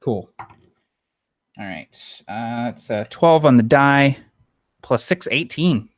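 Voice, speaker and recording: A man playing a tabletop game, describing his character's actions in a measured way. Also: medium pitch, lively intonation, dry recording, clean studio sound. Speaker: player.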